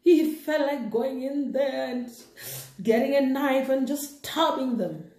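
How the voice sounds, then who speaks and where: Slow, excitable woman storyteller. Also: sits high. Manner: animated, excitable, laughing asides. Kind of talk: moral story retelling with preaching. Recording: echoey room.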